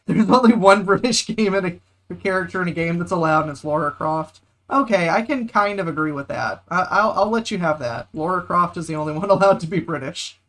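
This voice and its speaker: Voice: mid-range voice, fairly quick, few pauses, a bit bright. A streamer, joking and chatting casually during a game. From United States. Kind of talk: casual gameplay chat.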